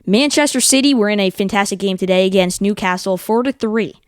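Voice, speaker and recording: A young man co-hosting a casual sports talk show, eagerly explaining teams and tournaments in quick runs of facts. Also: high-pitched, smooth, no echo, studio quality.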